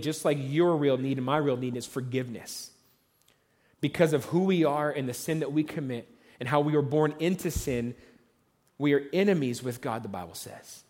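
A man's voice: medium pitch, a little mellow. Male pastor preaching in a reverberant hall. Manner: conversational storytelling, acts out voices of onlookers. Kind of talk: sermon.

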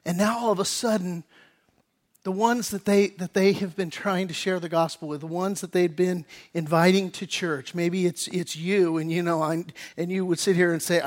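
A man pastor giving a sermon in a conversational way, often dropping to a softer, lower voice for emphasis. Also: steady tone, normal speed.

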